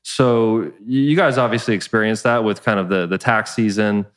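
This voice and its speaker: In a fairly low, steady voice at a moderate pace, a man interviews his mother on his podcast. His questions are thoughtful and rambling, full of restarts as he searches for the right words.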